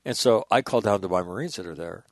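Animated man in his sixties, dry sound. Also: on the low side, fast, no room sound. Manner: profane, animated anecdotes. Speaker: guest, former military officer. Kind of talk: casual storytelling.

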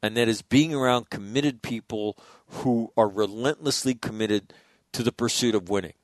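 A middle-aged man and Marine veteran, telling stories in a blunt, profane, animated way in a casual interview. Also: mid-range voice, moderate pace, dry recording, studio quality.

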